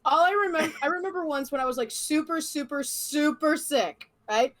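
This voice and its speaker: A woman chatting casually on a talk show, playful with quick asides. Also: high-pitched. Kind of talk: casual chat.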